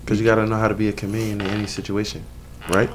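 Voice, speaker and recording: A man's voice: lowish voice, flat delivery, very fast, slight background noise. A man casually interviewing a guest on a podcast, laid-back, with short affirmations.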